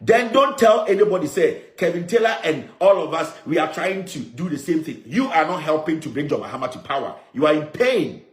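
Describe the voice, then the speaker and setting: A man's voice: fairly high pitch, animated, brisk, hardly any pauses, roomy sound. A man with a Ghanaian accent delivering an emphatic, combative political monologue as a media chief, repeating his points and slipping into Akan phrases. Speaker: media CEO and commentator.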